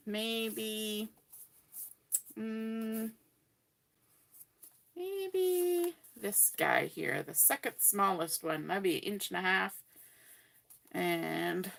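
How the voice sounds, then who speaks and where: A middle-aged woman leads a live online craft session with a bright, clear voice. She chats cheerfully as she works, walking viewers through each step in a friendly, easygoing way. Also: medium pitch. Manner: chatty, cheerful, talks while working. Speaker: craft instructor.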